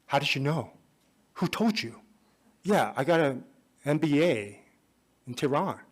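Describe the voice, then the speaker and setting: A man acting out an astonished, curious male taxi driver while telling a story, asking excited, incredulous questions. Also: a little high, unhurried, husky.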